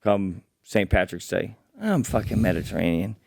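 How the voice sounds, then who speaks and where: Gravelly-voiced brash comedian man. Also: lowish voice, lively intonation, moderate pace, no room sound, studio quality. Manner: profane, brash, jokey. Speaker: comedian podcast co-host. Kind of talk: casual chat.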